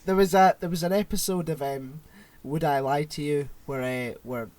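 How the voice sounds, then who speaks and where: A man's voice: on the high side, moderate pace, darkish tone. A man co-hosting a podcast in casual chat, laughing along and dropping dry asides. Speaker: podcast co-host.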